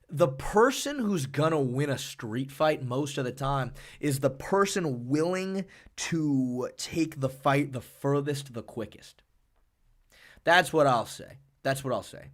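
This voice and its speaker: A man hosting a casual live stream, reading chat messages and rambling animatedly with plenty of swearing. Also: a little high. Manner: animated, rambling, swears often, reads chat donations aloud. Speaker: streamer and MMA analyst.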